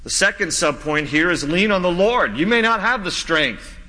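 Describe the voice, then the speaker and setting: A man preaching a sermon as pastor, earnest, slowing down whenever he reads scripture aloud. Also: high-pitched, expressive, pushed and bright. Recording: long reverb of a large hall.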